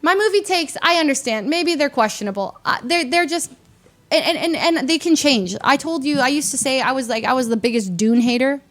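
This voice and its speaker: A woman streamer with a slightly high voice chats casually with her viewers. She rambles in an animated way, pokes fun at herself, and often trips over and restarts her sentences. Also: a little fast. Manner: rambling, animated and self-deprecating, with frequent restarts. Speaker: livestreamer.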